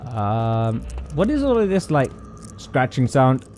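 A man's voice: mid-range voice, very animated, slow pace, darkish tone, slight background noise. A British man commentating a horror game, jittery and jokey, chatting to objects as he goes. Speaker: gaming YouTuber. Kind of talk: horror let's-play commentary.

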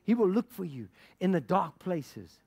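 Man, middle-aged, from Africa, pastor, sermon, high voice, very lively pitch, passionate storytelling. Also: unhurried, gravelly, breathy edge. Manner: passionate storytelling with laughter and quoted dialogue.

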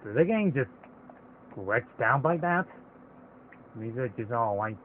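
A man's voice: medium pitch, expressive, measured pace, slight background noise. A man casually commenting while playing a video game, rambling and stopping himself mid-thought. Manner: rambling, hesitant, chatty. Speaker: let's play host. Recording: tinny phone-like audio with game music.

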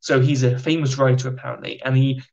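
A young British man in casual conversation as a podcast guest, telling anecdotes in an animated way and acting out the people in them. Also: medium pitch, quick pace, gravelly, highs cut off. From United Kingdom. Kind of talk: casual storytelling.

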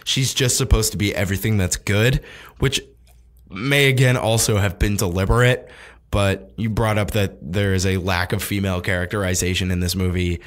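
Deep-voiced man chatting about movies. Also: steady tone, normal speed. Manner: laughs often, swears casually. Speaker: podcast co-host. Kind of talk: casual film review chat.

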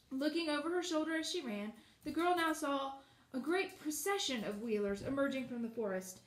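A woman reading a children's storybook aloud, expressive, with casual asides. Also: a little high, echoey room, low-quality recording. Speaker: audiobook reader.

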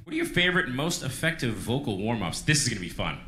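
Joking guy interviewer, talks fast, voice bounces around. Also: medium pitch, big pitch swings, bright, forceful tone, roomy sound. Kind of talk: interview questions.

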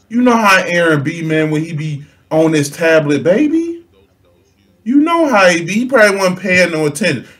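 A young man spins a comedic story for his viewers. He talks in loose slang, laughs often, and acts out each character's lines. His voice sits at an average pitch but rises and falls with wide, animated swings. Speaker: storytelling vlogger.

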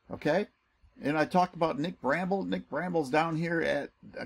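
A man giving an excitable, salesy screen-share walkthrough as a network marketing recruiter. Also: moderate pace, gravelly, husky. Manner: excitable and salesy, pitch jumps when enthused.

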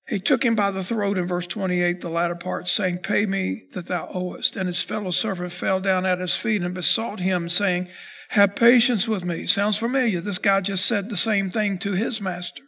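A man preaching a sermon as pastor, reading scripture slowly and then building in intensity. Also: sits high, fairly even intonation, creaky, bright, forceful tone.

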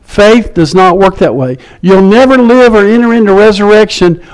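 High-voiced animated male preacher. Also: normal speed, low-quality recording. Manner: animated, acts out quotes in shifting voices. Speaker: pastor. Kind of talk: sermon.

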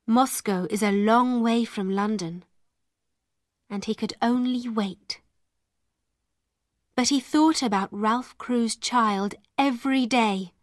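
A woman reading a story slowly and clearly for English learners. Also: fairly high pitch, dry recording, clean studio sound. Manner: clear and deliberate. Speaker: narrator.

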